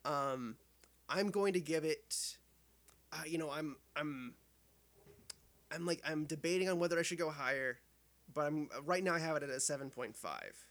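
A man's voice: on the high side, moderate pace, long pauses, a bit bright. A man co-hosting a podcast film review in casual chat, rambling with many fillers and restarts and laughing easily.

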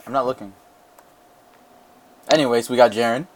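A man in casual podcast chat, offhand and loud, introducing the others. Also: mid-range voice, fairly even intonation, moderate pace, a little hiss or hum.

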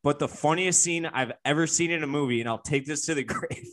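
Co-hosting a podcast, a man rambles through a casual chat full of fillers and restarts. His voice is a little high and fairly bright, and he speaks a little fast.

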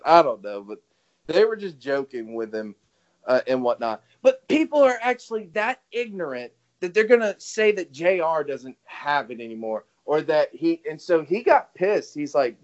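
A man's voice: on the high side, expressive, normal speed. A man co-hosting a casual wrestling podcast, rambling, swearing and laughing as he retells what others said. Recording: dull lo-fi audio.

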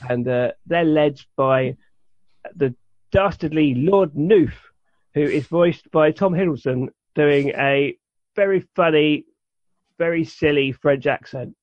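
A man's voice: on the high side, takes it slowly, no echo. Rambling man, dull lo-fi sound. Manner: rambling, many restarts and fillers. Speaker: podcast co-host. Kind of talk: casual chat.

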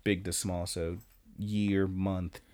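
A man's voice: low voice, takes it slowly. A man co-hosting a podcast, recapping an anime in casual, rambling, profane chat. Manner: rambling, profane, animated storytelling. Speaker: podcast co-host.

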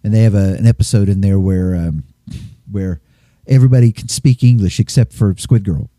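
A man's voice: fairly low pitch, a little fast, warm tone, dry recording, studio quality. A man chatting casually on a podcast, a rambling storyteller who acts out voices. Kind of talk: casual chat.

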